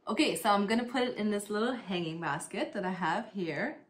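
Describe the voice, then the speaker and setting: A woman in her thirties from East Germany vlogs casually at home while doing plant chores, filling her talk with fillers and laughter. Her mid-range voice is animated and brisk, with slight background noise.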